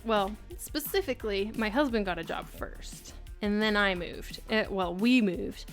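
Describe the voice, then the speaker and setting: A woman's voice: medium pitch, unhurried. A woman, live-streaming and chatting casually, reading chat messages aloud and laughing often. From United States. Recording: faint music behind.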